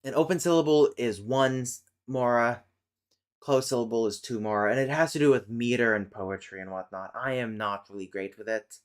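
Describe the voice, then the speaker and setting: A man with a smooth, medium-pitched voice at a normal speed reads a linguistics text on stream in a casual way. He keeps interrupting himself with exasperated, sweary rants and self-corrections.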